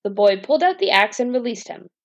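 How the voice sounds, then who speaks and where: A woman reading a fairy tale aloud as a bedtime story, in a calm, even storytelling manner. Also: mid-range voice, fast, highs cut off.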